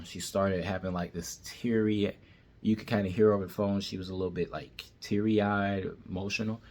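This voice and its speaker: A man with a very low, deep voice recounting a personal story in a relaxed monologue. He talks bluntly and plainly, with casual, everyday phrasing. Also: normal speed.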